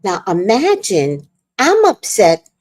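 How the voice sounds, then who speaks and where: A woman's voice: medium pitch, slow pace. Lady hosting a livestream, swinging her voice all over, cussing through a storytime rant. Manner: animated, profane, worked up. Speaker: livestream host.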